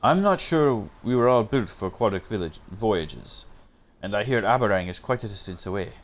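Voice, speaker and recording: A man's voice: medium pitch, expressive, moderate pace, natural voice. A man doing a skald with a mock Russian accent. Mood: weary. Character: fussy male skald, seasick and wry. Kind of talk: game text read aloud with voices.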